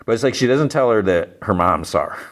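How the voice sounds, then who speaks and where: Deep-voiced man casually recapping a show. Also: lively intonation, brisk. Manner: rambling, filler-heavy retelling of scenes. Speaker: podcast host.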